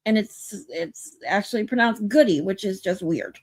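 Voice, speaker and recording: Woman, livestream host, casual chat, playful, reads comments aloud, lively pitch. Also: moderate pace. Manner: playful, tries out pronunciations.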